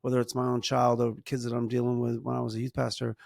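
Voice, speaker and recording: A middle-aged man with a gravelly, fry-laced voice, recorded close and dry. He gives earnest parenting advice in casual conversation. He often restarts sentences and slows down to stress his point. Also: medium pitch, completely flat delivery, a little mellow, no echo. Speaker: podcast co-host, parent.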